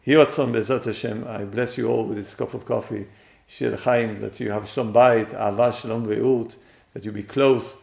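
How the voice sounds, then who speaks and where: Male teacher, gravelly, emphatic and repetitive, recorded in an echoey room. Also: fairly low pitch, fairly even intonation, normal speed, darkish tone. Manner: emphatic, repeats key phrases, addresses listeners directly. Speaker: teacher giving marriage guidance. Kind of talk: spoken lesson on marriage. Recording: roomy echo.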